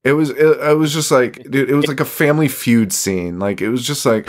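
A man's voice: medium pitch, a little fast. A man co-hosting a podcast, casually recapping a film with lots of swearing, laughter and mocking quotes. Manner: profane, laughing, rambling recap with mock quotes. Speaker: podcast co-host. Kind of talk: casual chat recapping a movie.

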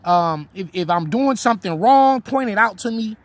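A man's voice: sits high, expressive, normal speed, no echo. A man in his thirties giving a casual lesson on rap rhyme writing, reciting example bars and repeating himself as he explains. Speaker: battle rap writing teacher. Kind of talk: informal instructional talk to camera.

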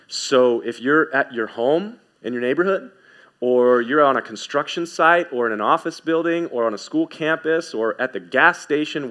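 A man preaching a sermon as pastor, emphatic, repeating key phrases and swinging from quick asides to slow, stressed words. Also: fairly high pitch, fairly bright tone.

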